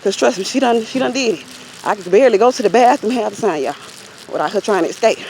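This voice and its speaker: A woman's voice: medium pitch, animated, fast, darkish tone, a little hiss or hum. A woman vlogger telling a story in a casual, chatty way and talking straight to her viewers while out on a walk. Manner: chatty, addresses viewers directly. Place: outdoors while out walking.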